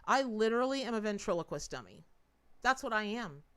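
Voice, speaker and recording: A woman reads tarot on a live stream in a fairly high, expressive voice that's clear and resonant and slightly quick. She's chatty, speaks directly to her audience, and repeats words to emphasize them.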